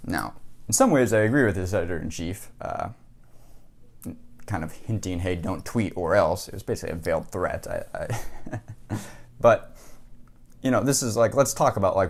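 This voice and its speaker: Low-voiced man rambling wryly. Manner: rambling, wry, lots of fillers. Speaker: journalist vlogger. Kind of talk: casual to-camera commentary.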